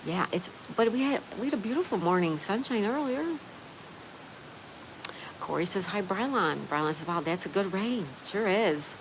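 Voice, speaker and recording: A woman's voice: medium pitch, expressive, normal speed, background noise. A woman from Florida hosting a livestream, chatting and reading viewer messages aloud. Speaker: livestream host. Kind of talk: reading live chat aloud. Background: rain ambience.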